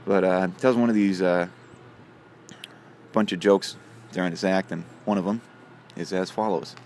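A man's voice: low voice, fairly even intonation, moderate pace, a little mellow, slight background noise. A man casually telling a long joke on his channel, rambling with many fillers. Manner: rambling, filler-heavy delivery.

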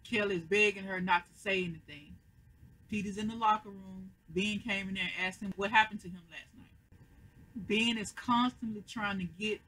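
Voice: medium pitch, sharp tone, breathy edge, low-quality recording. An American host, casually recapping a TV episode at home into a webcam mic. She retells the scenes and acts out the quoted lines with rising emphasis. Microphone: computer webcam mic.

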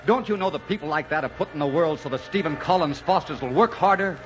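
An actor playing an earnest young male composer in an old radio drama, shy and halting at first and then full of passion. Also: on the high side, fairly bright tone, a little hiss or hum, lightly acted. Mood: determined. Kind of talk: 1940s radio acting. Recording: muffled old radio broadcast with music.

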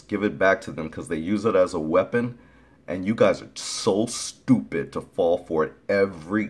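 Deep-voiced male vlogger, blunt and profane, sarcastic, talking to camera. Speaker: YouTube vlogger. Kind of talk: casual opinion vlog.

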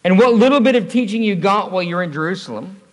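Pastor guy with a high voice, chatty sermon full of questions, church reverb. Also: expressive, fast. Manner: conversational, storytelling with rhetorical questions.

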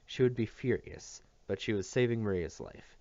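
A man reading a novel aloud as scripted narration, in an expressive storytelling manner. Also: lowish voice, normal speed, gravelly, dry recording. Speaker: audiobook reader. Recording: dull dry recording.

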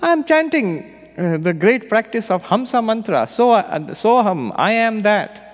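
A man's voice: high-pitched, big pitch swings, a little slow, long reverb tail, voice pushed up. A man doing an irritated old-world emperor. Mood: explaining. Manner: exasperated, indignant. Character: irritated proud male emperor.

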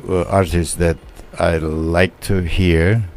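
An older man, a poet guest on a radio show, speaking haltingly with many fillers and formal wording. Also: low voice, flat delivery, darkish tone, slight background noise. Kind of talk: radio interview. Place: radio studio.

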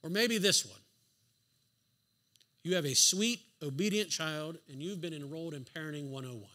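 A man's voice: a little high, normal speed, pushed and bright. A man preaching a sermon in a church, driving home his points with emphatic rhetorical questions and the odd dry sarcastic aside. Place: church sanctuary.

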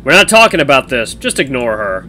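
A man voicing a stoic, gruff young man who is a protective older brother, curt and firm. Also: mid-range voice, sing-song, a little fast, sharp tone, slight background noise.

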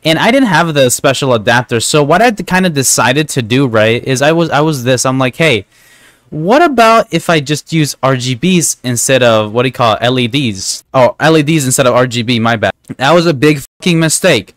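A man's voice: mid-range voice, lively intonation, moderate pace, a bit bright, dry recording. A man streaming a game, telling a long rambling story in a casual, profane way, constantly asking "right?". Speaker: gaming streamer. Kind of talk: casual storytelling while gaming.

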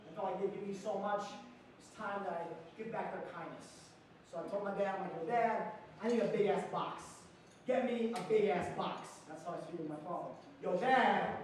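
A man performs a stand-up comedy set, telling brash stories and acting out loud quoted lines. His voice carries a heavy room echo. The mic sits some distance away, with a faint ambience of the room underneath. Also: high-pitched, slight background noise. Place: comedy stage.

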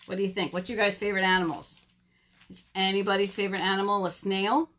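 A woman's voice: mid-range voice, flat delivery, fast talker, a bit bright. A young woman, a children's librarian, leading a virtual storytime and asking kids questions in a playful way. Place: home or library, on video.

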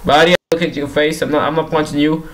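A man's voice: a little high, level tone, quick pace, fairly bright tone, poor audio. A young man giving casual commentary while playing a game, pleading with and teasing the characters on screen and repeating himself in exasperation. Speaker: gaming YouTuber.

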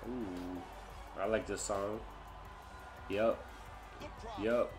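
A man's voice: fairly low pitch, steady tone, very slow, over music. A man casually commentating on his own gameplay, chatting along and groaning or exclaiming when things go wrong. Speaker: gamer.

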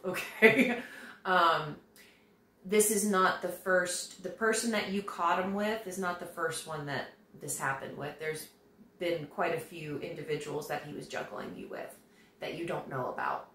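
A woman's voice: on the low side, a little slow, a bit bright, slight background noise. A woman giving a tarot reading to her viewers, talking in a chatty, reassuring way. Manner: conversational, reassuring, acts out quoted voices. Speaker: tarot reader. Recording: roomy echo.

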